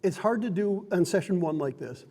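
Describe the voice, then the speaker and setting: A man's voice: high-pitched, lively intonation, normal speed, darkish tone, in a large hall. A man acting as game master, explaining how to play a tabletop role-playing game in an upbeat, chatty way that often breaks into laughter. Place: card and game shop.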